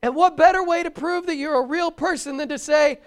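A man preaching a sermon, animated and emphatic, with touches of humor and repeated words for stress. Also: very high-pitched, a little fast.

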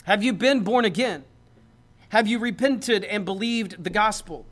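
A male pastor preaches in a conversational, joking style that builds toward emphatic points. His voice sits high with a fairly bright tone, at a measured pace.

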